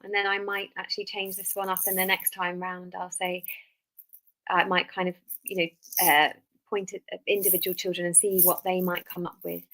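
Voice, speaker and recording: A woman leading a family music webinar, talking in a relaxed way with many ums. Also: fairly low pitch, moderate pace, rough recording. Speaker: music session leader. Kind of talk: webinar teaching.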